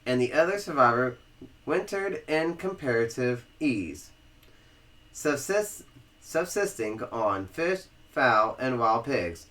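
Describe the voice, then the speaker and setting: A man's voice: medium pitch, sing-song, slow pace, fairly bright tone. A man with a Southern American accent, co-hosting a podcast and reading history aloud, stumbling over words and restarting as he goes. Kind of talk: casual read-aloud with banter.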